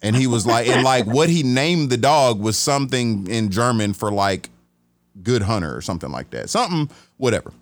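Animated man telling a story. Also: medium pitch, moderate pace, dry recording. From Atlanta, USA. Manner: animated storyteller, restarts sentences, acts out quoted voices. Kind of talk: casual storytelling conversation.

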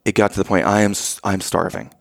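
A man with a gravelly, creaky voice recounts a vacation story in easy conversational podcast chat. He grows animated, his pitch jumping up when he acts out his own frustration. The sound is close and dry, with no room around it. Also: fast talker, no room sound. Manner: animated, rising to loud exasperation when quoting himself. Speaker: podcast co-host.

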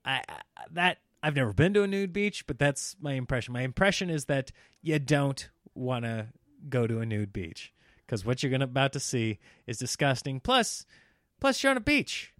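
A man hosting a solo podcast, rambling and joking in an animated comic monologue. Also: medium pitch, moderate pace, dry recording, clean studio sound. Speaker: podcast host.

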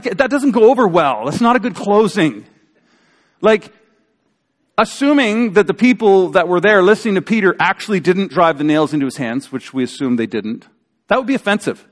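A man preaching a sermon as a pastor, in a conversational, animated storytelling way with acted-out quotes. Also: sits high. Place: church sanctuary. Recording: church hall reverb.

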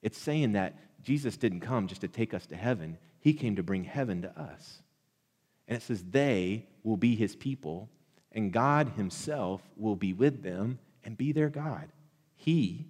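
A man preaching a sermon, building to loud, impassioned repeated blessings. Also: on the low side, long reverb tail. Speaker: pastor.

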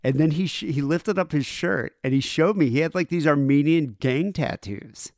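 A man co-hosting a podcast, spinning a long anecdote in a smooth, resonant voice. He acts out both sides of the exchange as he goes. The sound is dry and close, with no room around it. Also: fairly high pitch, moderate pace, no room sound. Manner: animated retelling, acts out both sides of a conversation. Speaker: podcast co-host. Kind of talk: casual storytelling chat.

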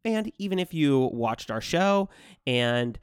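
A young man hosting a casual podcast from a hotel room, his voice sitting a little high. He chats with friends, laughs easily and corrects himself mid-sentence, and his voice comes across dry and close. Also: very animated, slow, clean tone, no room sound. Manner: chatty, laughing often, self-correcting. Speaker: podcast host. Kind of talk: casual chat.

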